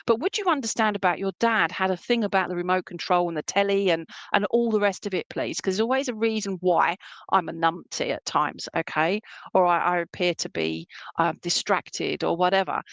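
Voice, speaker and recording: A woman's voice: fairly low pitch, a bit bright, dry recording. A woman working as a spiritualist medium, giving a chatty, reassuring reading with lots of fillers at an online service from a room at home.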